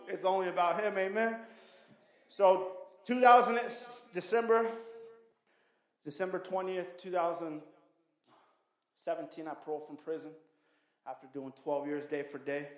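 A man in his thirties gives a preaching testimony, telling his story in animated street slang and acting out the quotes. His voice sits high for a man. The sound carries the echo of a big room. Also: normal speed. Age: 30s. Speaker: testimony speaker.

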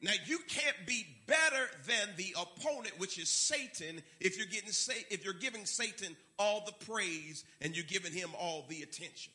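A man's voice: high-pitched, lively intonation, moderate pace, few pauses, bright, forceful tone. A man preaching a sermon, emphatic and repeating key words for effect. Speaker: pastor.

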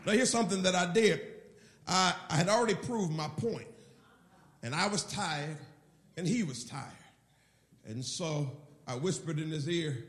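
A man's voice: fairly high pitch, measured pace, pauses often, fairly bright tone, echoey room. A middle-aged man, a pastor, preaching a sermon with emphatic storytelling. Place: church.

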